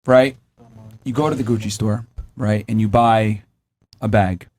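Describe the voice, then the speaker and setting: A man's voice: on the low side, a little slow, faint music behind. A man hosting a podcast panel, telling an acted-out scenario and swearing freely. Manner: animated storyteller, acts out scenarios, swears. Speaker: podcast host. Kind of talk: heated panel debate.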